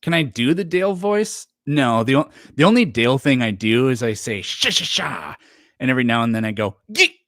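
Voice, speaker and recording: A man's voice: mid-range voice, fast talker, few pauses, no room sound, clean studio sound. A man chatting casually on a livestream, rambling with lots of fillers and restarts. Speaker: streamer.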